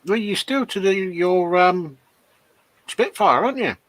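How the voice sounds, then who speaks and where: Man, co-host, fairly high voice, lively melody, short agreeable replies, casual chat. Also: a little slow. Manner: agreeable, short replies, some stammered restarts. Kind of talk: casual live-stream chat.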